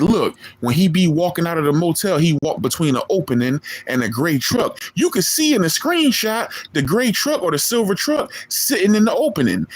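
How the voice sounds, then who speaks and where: A man, streaming a boastful, profane callout rant at a rival in street slang. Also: on the high side. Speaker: online streamer.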